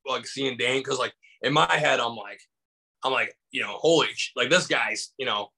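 Here the guest, a comedian from Michigan, USA, tells loose, filler-heavy stories on a video call, voicing quotes as he goes in a casual storytelling interview. He talks at a moderate pace in a medium pitch, husky with vocal fry, bright and forceful. Poor audio throughout.

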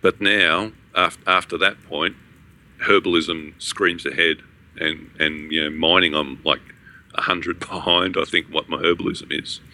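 A man's voice: low-pitched, steady tone, a little slow, bright, forceful tone. A man co-hosting a gaming podcast, talking in a rambling casual way with many restarts and fillers. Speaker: podcast co-host.

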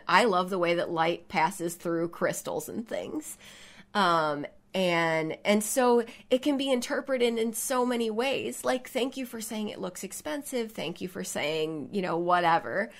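Female artist co-host with a lowish voice, thoughtful and conversational. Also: unhurried. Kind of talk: casual podcast chat.

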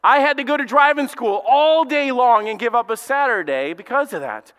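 A male lead pastor from Alabama with a Southern accent preaches a conversational sermon, telling stories casually with lots of fillers and restarts. His voice is very high, animated, fairly bright, and smooth, at a normal speed, trailed by a long reverb tail.

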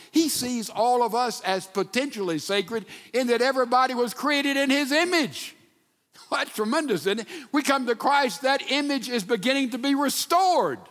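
A man preaching a sermon, telling stories and dropping from loud emphasis to a hushed near-whisper. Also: high-pitched, big-room sound. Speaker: pastor.

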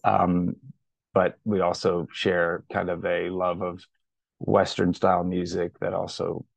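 Man, mixed international accent, flat low delivery, rambling casual talk. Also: slow pace, vocal fry, no room sound. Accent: mixed international, semi-American. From grew up between India and Ireland. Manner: relaxed, rambling, many fillers. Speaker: podcast guest, musician.

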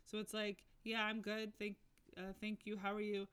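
A woman's voice: medium pitch, completely flat delivery, normal speed, a bit bright, clear, resonant tone. Woman rambling candidly in casual chat. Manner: rambling, candid, many fillers.

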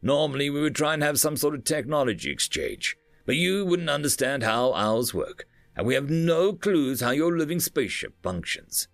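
A man's voice: on the high side, sing-song, normal speed, gravelly, hardly any pauses, fairly bright tone, no room sound, faint music behind, pitched above the performer's own voice, heavily acted. A man voicing a friendly, wry alien speaking over the ship's comms in a casual, chatty way.

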